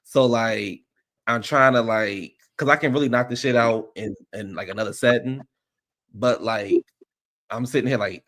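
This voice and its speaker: Speaking into a streaming mic, this livestream host has a lowish, slightly bright voice and a moderate pace. His chat is casual, rambling, and loose, packed with fillers, "like," and restarts.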